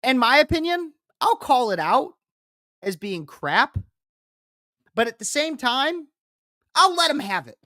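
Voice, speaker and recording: A woman's voice: high-pitched, very animated, unhurried, pauses often, pushed and bright, no echo, studio quality. A woman political commentator reacting to a speech clip, talking in an emphatic, repetitive and combative way.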